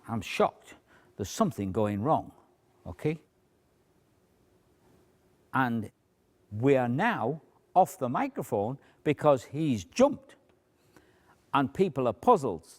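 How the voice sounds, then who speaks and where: A man with a middling pitch and a lively, swooping delivery walks through a stage routine as if teaching a class. He shifts between a raised, performing voice and a hushed near-whisper to show how he cues his volunteers. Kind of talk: demonstration lecture.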